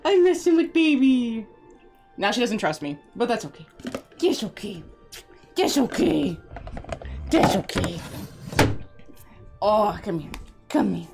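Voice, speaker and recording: A woman's voice: medium pitch, big pitch swings, takes it slowly, vocal fry, pauses often, over music. A woman streamer chatting casually while she plays, rambling and talking sweetly to her pets. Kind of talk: casual live-stream chat while gaming.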